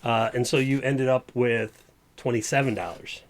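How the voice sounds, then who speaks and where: A man's voice: mid-range voice, moderate pace. A man running a tabletop game as game master, narrating the action in a chatty way with frequent laughs. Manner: chatty, laughing often, lots of filler.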